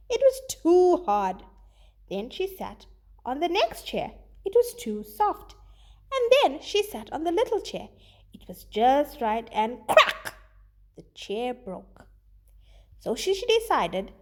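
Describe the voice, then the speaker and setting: A woman teacher reading a children's story aloud with expressive delivery, then giving her students a worksheet task. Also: high voice, takes it slowly, pauses often.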